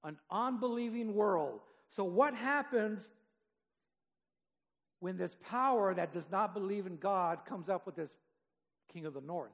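A man delivers a sermon in a high, gravelly voice, reading scripture and then talking it over with his listeners. His delivery stays conversational but rises in force when he drives a point home. The sound carries a long reverb, as though captured in a large church sanctuary. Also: expressive, a little slow, long pauses. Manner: conversational, reads scripture aloud, rises for emphasis. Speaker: preacher.

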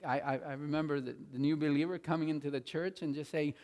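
A man preaching a sermon as pastor, stressing points loudly and then dropping to quiet asides. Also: on the high side, steady tone, fast talker. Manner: emphatic, swings between loud stresses and quiet asides. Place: church sanctuary. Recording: long reverb of a large hall.

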